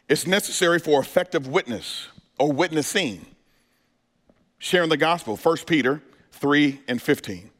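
Fired-up pastor, big church echo. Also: male voice, a little high, fairly bright tone. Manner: preaching with call-and-response asides to the congregation. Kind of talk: sermon. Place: church sanctuary. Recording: hall reverb.

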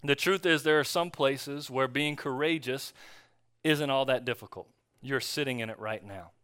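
A male pastor preaching a conversational sermon, telling a story in a relaxed way with fillers and restarts. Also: medium pitch, moderate pace, smooth, dry recording, clean studio sound. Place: church.

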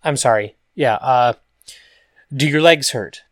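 A man voicing a caring, determined woman in a storybook reading who asks gentle questions and sometimes speaks in a hush. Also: mid-range voice, slow, no room sound, studio quality. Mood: gently probing. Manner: gentle questioning, hushed at times.

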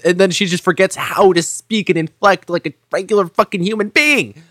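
Excitable podcast man on a dry mic. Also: high-pitched, fairly quick, no echo. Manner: excitable, animated and profane. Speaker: podcast co-host. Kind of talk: casual chat.

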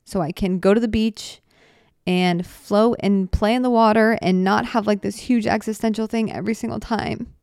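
Alone at the mic, a twenty-something podcast host talks casually and heartfelt, rambling, breaking off to restart, and tearing up at times. She speaks at a moderate pace in a steady, slightly mellow mid-range voice, captured in a dry, clean studio recording.

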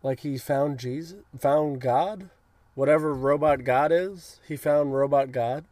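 A young man in casual chat, excitedly retelling cartoon scenes and acting out lines in goofy voices. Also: fairly high pitch, measured pace, no room sound. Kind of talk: casual episode recap chat.

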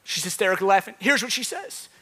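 A male pastor in his thirties preaching a sermon to a church congregation, telling stories with big swings from quiet to loud. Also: high voice, fast talker. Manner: animated storytelling, swings from soft to loud. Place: church with live audience.

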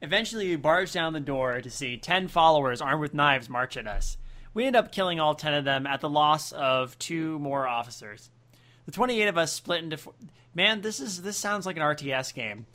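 A man's voice: a little high, animated, normal speed, pushed and bright. A man co-hosting a comedy podcast, reading a story and making jokey asides. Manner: jokey asides, bursts of laughter.

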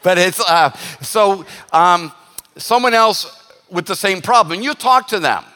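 A man preaching a sermon as pastor, animated and joking, slipping into quick voiced asides. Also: high-pitched. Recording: long hall reverb.

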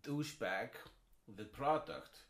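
Deadpan halting man in an echoey room. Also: on the low side. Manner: deadpan, halting with many restarts. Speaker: podcast co-host. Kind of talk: casual comedic chat.

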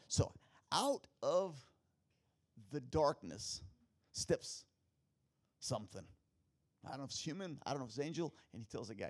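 Man, pastor, sermon, storytelling, husky voice, lively pitch, rhetorical questions. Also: moderate pace, pauses often.

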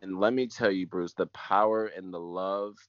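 A man's voice: deep voice, steady tone, moderate pace, fairly bright tone, no room sound, lo-fi sound. A man, a pastor, giving an emotional personal testimony in an earnest way, repeating phrases and sometimes dropping almost to a whisper.

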